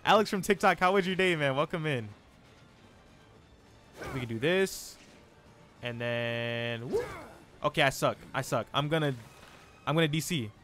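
A young man streaming live gameplay, chatting in an excitable, slangy, self-mocking way. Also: a little high, unhurried, long pauses, faint music behind.

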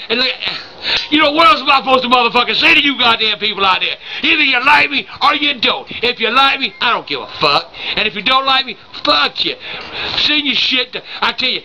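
Older man, gravelly profane rant. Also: extremely high pitch, animated, a little fast, bright, forceful tone, a little hiss or hum, poor audio. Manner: profane, ranting, stammers when furious. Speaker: vlogger. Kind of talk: angry rant to camera.

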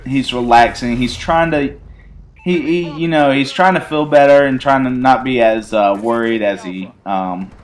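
Young guy telling a goofy story over his gameplay, rambly, keeps cracking up, average pitch. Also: a little slow. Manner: rambling, laughs often while telling. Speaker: gaming channel host.

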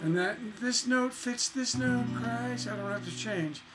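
Slow-talking man teaching songwriting over guitar. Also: very high-pitched, low-quality recording. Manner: musing, talks through chords while playing guitar. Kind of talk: casual music lesson. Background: acoustic guitar playing.

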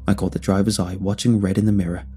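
A man telling a first-person horror story in measured scripted narration. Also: deep voice, level tone, dark tone. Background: faint music.

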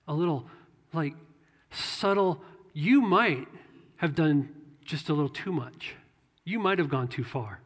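A man's voice: high-pitched, pushed and bright, in a large hall. A man preaching a sermon as a pastor, talking conversationally and repeating phrases for emphasis. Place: church sanctuary.

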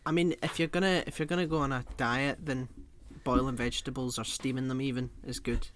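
A man's voice: mid-range voice, fairly even intonation, brisk, a bit bright, slight background noise. A man co-hosting a podcast, chatting casually in a jokey, sweary way. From Britain. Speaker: podcast co-host. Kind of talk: casual chat.

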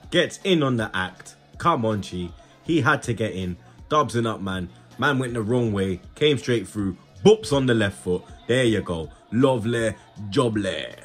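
A young man giving slangy, excitable running commentary on a football video game. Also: mid-range voice, a little slow, husky, faint music behind. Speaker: gaming YouTuber. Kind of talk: casual gaming commentary.

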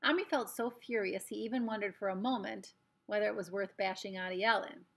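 Woman storyteller reading a children's novel, gravelly timbre, friendly asides to kids. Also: mid-range voice, fairly quick, a bit bright. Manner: chatty asides to young listeners.

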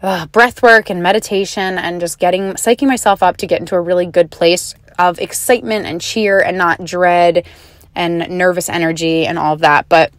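A woman's voice: fairly low pitch, steady tone, normal speed, no room sound. A woman hosting a podcast, talking to listeners in a chatty, earnest and encouraging way. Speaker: podcast host. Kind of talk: podcast monologue.

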